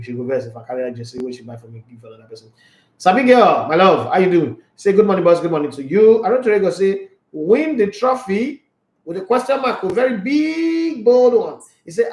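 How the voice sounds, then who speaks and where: A man's voice: a little high, a little mellow, reverberant. A man with a Nigerian accent hosting a casual sports live stream, bantering and reading viewer comments aloud. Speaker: sports channel host.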